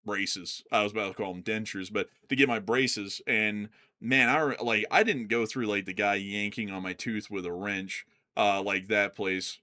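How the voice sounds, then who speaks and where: A man co-hosting a livestream, telling stories in an animated, casual way and laughing often. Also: fairly low pitch. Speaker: co-host of a news livestream. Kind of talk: casual chat.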